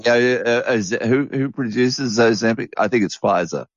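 A man trading crude jokes in a casual podcast chat, often stumbling over his words. His voice sits at a middling pitch. The sound is dry and a little lo-fi. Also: normal speed, no room sound. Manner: joking, crude, with many restarts. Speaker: podcast co-host.

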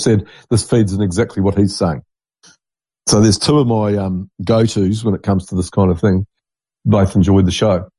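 A man's voice: lowish voice, warm tone, husky, no room sound. A middle-aged man, a podcast host talking in a rambling, blunt, digressive monologue. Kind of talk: casual monologue.

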